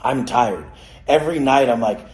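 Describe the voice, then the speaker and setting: A man's voice: mid-range voice, expressive, moderate pace. Foul-mouthed man ranting, roomy sound. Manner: aggressive, swearing, yelling at listeners. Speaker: motivational speaker. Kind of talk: profane motivational rant. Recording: roomy echo.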